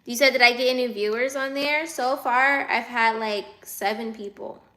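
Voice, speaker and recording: A woman's voice: fairly high pitch, normal speed, a bit bright. A woman in her twenties chatting casually on a livestream from her phone, reading out viewer comments and answering them. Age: 20s.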